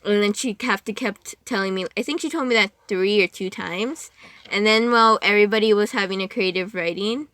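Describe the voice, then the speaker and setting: A woman's voice: mid-range voice, a little fast, a bit bright, no echo. A young woman chatting as a podcast guest, rambling, giggling and cutting herself off mid-sentence. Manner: rambling, giggly, self-interrupting. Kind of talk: casual chat.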